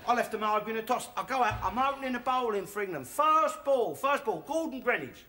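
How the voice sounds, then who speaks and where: An actor playing a boastful, bigoted old working-class Londoner with a Cockney accent, ranting loudly in a sitcom monologue. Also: male voice, very high voice, lively intonation, fairly quick, heavily acted. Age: older. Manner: loud, bragging, ranting. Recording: sitcom recording with loud background noise and audience laughter.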